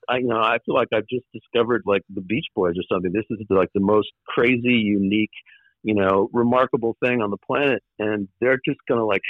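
A man guest in an interview, recalling his years in the record business in a halting way, with many fillers and restarts and the odd wry laugh. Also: fairly low pitch, dry recording, narrow, tinny audio. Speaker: former record label executive, guest. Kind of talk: conversational interview storytelling.

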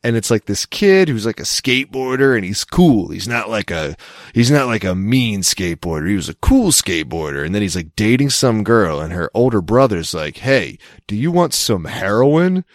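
A young man rambles through a story on a podcast, his pitch swinging widely as he acts out the people in it. The sound is dry and close, with no room around it. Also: expressive, normal speed, dry recording. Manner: rambling storyteller who acts out quoted voices. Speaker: podcast co-host. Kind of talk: casual chat.

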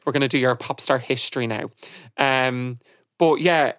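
A man's voice: mid-range voice, moderate pace, smooth, dry recording. Chatty man, dry close sound. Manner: chatty, animated storytelling. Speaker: podcast guest. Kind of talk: casual chat.

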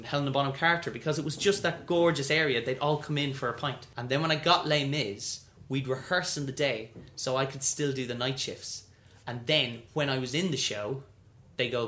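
Animated man in a roomy space. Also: mid-range voice, normal speed, hardly any pauses. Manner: animated, acts out quoted voices. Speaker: guest. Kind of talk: storytelling interview.

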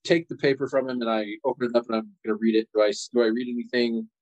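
A man playing his character in a tabletop role-playing game, animated and jumping into high character voices. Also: racing, highs cut off. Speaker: player.

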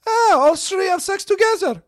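A man voicing a loud, blunt young Russian woman from a farm, speaking broken English in a high voice with a Russian accent. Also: very animated, measured pace, heavily acted. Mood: shocked.

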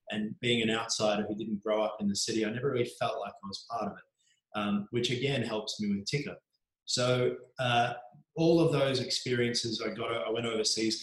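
Australian male journo guest, thirties, lower voice, anecdotal and chatty, echoey room. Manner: chatty, frequent ums, animated anecdotes. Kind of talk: casual interview storytelling. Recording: roomy echo.

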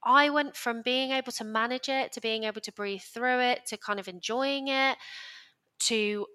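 A young British woman with a bright, ringing tone tells her story as a podcast guest. She rambles, restarts sentences and sounds candid and emotional in casual conversation. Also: a little high, moderate pace, smooth.

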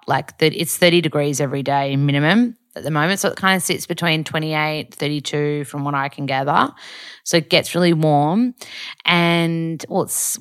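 A woman's voice: low voice, no echo, clean studio sound. A young Australian woman chatting casually to camera in a rambling vlog, full of fillers. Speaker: vlogger.

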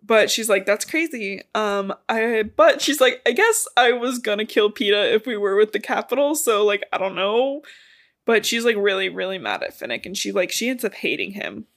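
A woman's voice: medium pitch, expressive, moderate pace. Woman podcast host rambling through a book recap, casual and sweary. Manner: chatty retelling, swearing and laughing.

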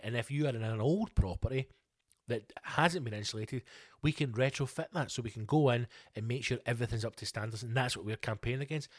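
A man's voice: medium pitch, brisk, no room sound, studio quality. A Scottish man hosting a podcast, delivering a sweary, mock-outraged comedic rant. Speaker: podcast host. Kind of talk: ranting comedic podcast monologue.

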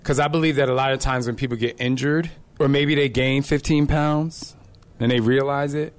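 A man's voice: mid-range voice, normal speed, smooth. A middle-aged man, a fitness instructor, chatting casually and energetically, telling stories and acting out quotes. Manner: energetic, animated storyteller who acts out quotes. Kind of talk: casual chat.

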